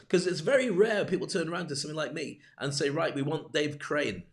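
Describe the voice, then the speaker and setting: A man's voice: fairly high pitch, fast, gravelly. A middle-aged man hosting a live self-help show, giving a candid motivational monologue with stories and numbered points.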